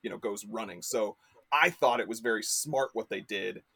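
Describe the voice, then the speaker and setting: A man's voice: lowish voice, normal speed, sharp tone, breathy edge. A man chatting as a podcast guest, rambling with lots of fillers and restarts. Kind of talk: casual chat.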